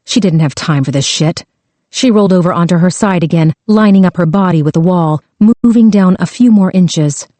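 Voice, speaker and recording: A woman narrating a thriller audiobook with a slow, tense delivery. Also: fairly low pitch, warm tone, no echo.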